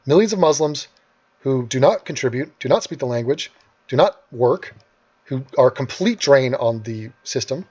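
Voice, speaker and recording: A man's voice: mid-range voice, expressive, moderate pace, darkish tone, husky, dull audio. A man hosting an angry, sarcastic and profane rant over video clips. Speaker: host.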